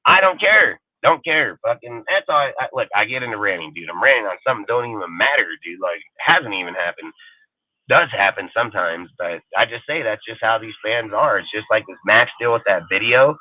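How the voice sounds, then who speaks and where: A man's voice: lowish voice, lively intonation, fairly quick, no room sound. A man hosting a fan live show, ranting heatedly with lots of swearing. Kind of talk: livestream fan rant. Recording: tinny phone-like dry sound.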